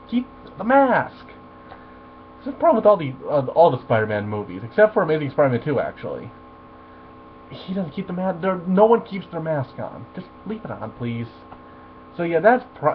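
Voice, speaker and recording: A man ranting animatedly and profanely through a review of a superhero film. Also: mid-range voice. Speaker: movie reviewer. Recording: tinny phone-like audio with faint mains hum.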